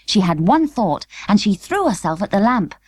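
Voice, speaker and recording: A woman narrating an unabridged children's book in clear, measured storytelling. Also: mid-range voice, sing-song, no echo. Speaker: audiobook narrator. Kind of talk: scripted narration.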